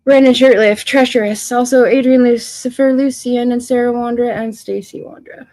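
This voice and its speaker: A woman's voice: fairly high pitch, steady tone, normal speed, warm tone, dry recording, low-quality recording. Emotional woman hosting a livestream. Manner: emotional, confrontational, addresses viewers by name. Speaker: livestream host. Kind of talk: casual livestream chat reading viewer comments.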